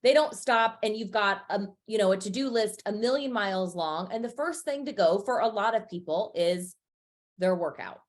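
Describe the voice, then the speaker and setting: Woman guest coach, talkative and emphatic, average pitch, casual podcast conversation. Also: animated, normal speed. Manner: chatty, emphatic, frequent filler words. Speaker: fitness and business coach, guest.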